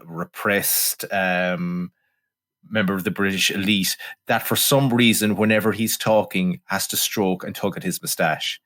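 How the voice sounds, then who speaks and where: A man's voice: lowish voice, a bit bright. A man co-hosting a podcast, ripping into a film with sarcastic, sweary commentary and mocking impressions. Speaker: podcast co-host. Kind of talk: casual film review chat.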